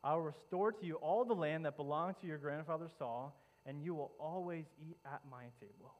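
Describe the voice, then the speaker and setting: Man voicing a gentle, merciful old king. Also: a little high, a little fast, lightly acted. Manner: gentle, solemn.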